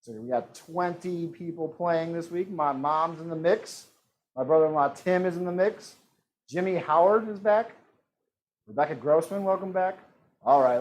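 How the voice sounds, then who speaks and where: A man hosting an online trivia game, reading questions and options in a joking, playful way. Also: a little high. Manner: joking, reads multiple-choice options with playful voices. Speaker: trivia host. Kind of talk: live-streamed trivia hosting.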